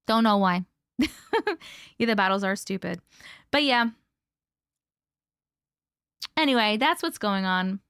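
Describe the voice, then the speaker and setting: A woman's voice: mid-range voice, expressive, slow, pauses often, a bit bright, smooth, dry recording, studio quality. A woman hosting a live stream, chatting casually and rambling, swearing freely and thanking viewers by name as she reads their comments. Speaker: host of a live stream reading viewer stories.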